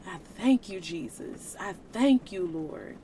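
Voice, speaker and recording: A woman's voice: mid-range voice, animated, slow pace, warm tone, a little hiss or hum. A woman hosting a faith podcast, speaking in an earnest, emotional, preaching way, with casual slang. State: tearful at times. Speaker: podcast host.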